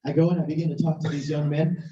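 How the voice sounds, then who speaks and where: A preacher telling a story in a sermon, animated and at times shouting, recorded in a church hall. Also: mid-range voice, quick pace. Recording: echoey, distant, muffled hall recording.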